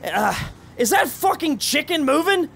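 A man putting on a jittery, drug-addled young guy who rambles and repeats himself in a game role-play. The voice sits very high with a bright, tense edge. It swoops around a lot. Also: a little slow, vocal fry, a little hiss or hum, heavily acted. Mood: panicked. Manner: rambling, repetitive, excitable.

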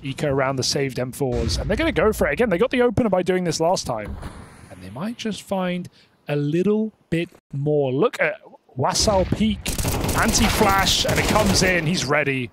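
A man's voice: fairly high pitch, sing-song, moderate pace, noisy background. A man casting an esports match live, with dry wisecracks between calls. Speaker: esports caster. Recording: broadcast with game gunfire behind.

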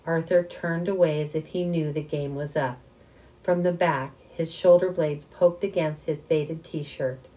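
A woman reading a children's novel aloud with expressive first-person narration. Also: deep voice, unhurried, low-quality recording. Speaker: audiobook reader. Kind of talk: storybook reading.

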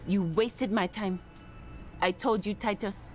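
A man putting on the voice of a scornful, sharp-tongued young woman, sneering and cutting. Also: sits high, steady tone, unhurried, soft background music, pitched above the performer's own voice.

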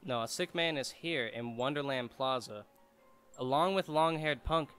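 Bright-voiced man joking through a game. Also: mid-range voice, moderate pace, clean tone, soft background music. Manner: joking, chatty, laughs often. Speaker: gamer streamer. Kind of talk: casual let's-play commentary.

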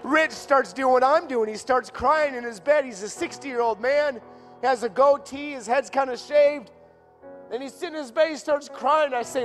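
A man preaching a sermon in a church, telling a personal story with deep emotion and building to impassioned pleading. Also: moderate pace, big-room sound, soft background music.

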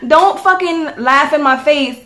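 A woman's voice: sits high, unhurried, fairly bright tone. A young woman vlogging in casual chat, talking bluntly and swearing freely as she rants. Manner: blunt, profane, ranting.

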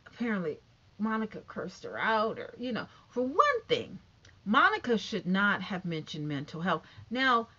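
A woman with a high, youthful-sounding voice chatting casually and sassily to camera about online gossip. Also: lo-fi sound. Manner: chatty, sassy, animated, talks straight to viewers. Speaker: YouTube commentator.

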